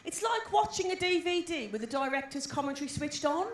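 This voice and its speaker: Live at a comedy gig, a woman in her forties with a West Midlands accent delivers brash, profane stand-up and teases the crowd in a high, expressive voice, talking a little fast. Background noise fills the echoey room.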